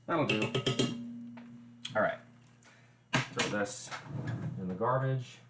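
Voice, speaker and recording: A man's voice: fairly low pitch, takes it slowly, echoey room, loud music behind the voice. A man hosting a casual cooking livestream, chatty and explaining each step with wry asides, recorded in a home kitchen. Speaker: livestream host.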